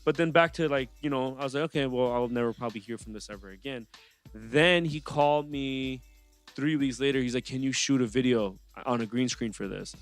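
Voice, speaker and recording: A young man, a rapper guest on a podcast, telling his story in a casual, animated way and acting out what others said to him in slang. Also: mid-range voice, a little fast, faint music behind. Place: podcast studio.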